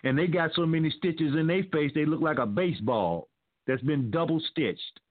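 A man's voice: fairly high pitch, normal speed, no room sound. A male talk host reading news aloud and commenting with sarcasm, calling his listeners family. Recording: dry phone-like line.

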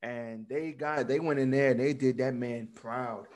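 A man's voice: mid-range voice, steady tone, a little slow, darkish tone. A man co-hosting a casual wrestling podcast, blunt and swearing freely, laughing often as he talks. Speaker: podcast co-host.

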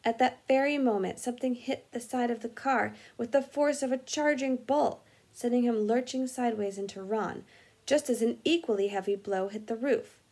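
A woman, a music teacher, reading a storybook chapter aloud in an animated, expressive way with small slips. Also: on the high side, moderate pace, breathy edge.

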